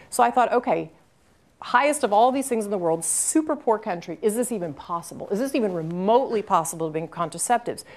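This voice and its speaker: A woman's voice: medium pitch, a little mellow. A woman guest speaker answering audience questions at a university talk, telling an earnest story with emphatic repetition.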